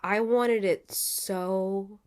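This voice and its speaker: A woman guest on a podcast, telling stories in a lively, blunt way with laughter and casual swearing. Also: medium pitch, extremely slow, smooth. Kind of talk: casual interview chat.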